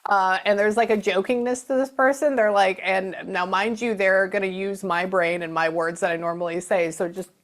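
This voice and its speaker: A young woman giving a mediumship reading, chatty and casual, often dropping to a whisper before speaking up again. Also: on the low side. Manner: chatty, often drops to a whisper to listen, then speaks up brightly. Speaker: spiritual medium.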